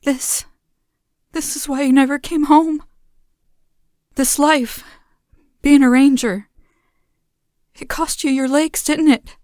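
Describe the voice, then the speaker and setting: A woman's voice: sits high, steady tone, slow, pauses often, darkish tone, dry recording, studio quality. A woman voicing a tearful middle-aged mother in an audio drama, pleading with her son.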